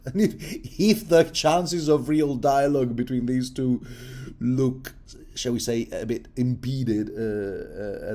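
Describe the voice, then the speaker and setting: Rambling man chatting through a book, stammers and chuckles, lowish mellow voice. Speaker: book commentator. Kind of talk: rambling casual commentary.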